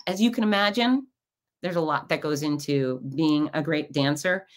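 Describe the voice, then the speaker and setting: A middle-aged woman with a low-pitched voice hosts her own podcast. She tells stories in a relaxed, chatty monologue and often acts out the lines of the people in them. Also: measured pace. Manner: chatty storytelling with lively quoted asides. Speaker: podcast host. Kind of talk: casual monologue.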